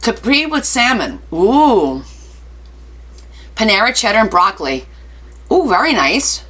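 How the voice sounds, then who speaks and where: Woman, craft live-stream host, bright clear voice, chatty, playful asides, reads out viewer comments. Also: a little high, sing-song, unhurried. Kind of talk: casual live-stream chat.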